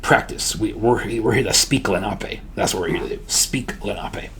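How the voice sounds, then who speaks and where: A man teaching a language lesson in a casual, relaxed way, repeating words slowly and often checking in with the listener. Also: fairly low pitch, slight background noise. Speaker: language tutor.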